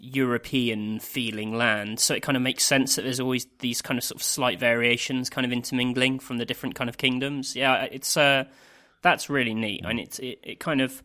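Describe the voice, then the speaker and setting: A man co-hosting a podcast in casual chat, animated and acting out quoted lines. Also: mid-range voice, moderate pace, hardly any pauses. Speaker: podcast co-host.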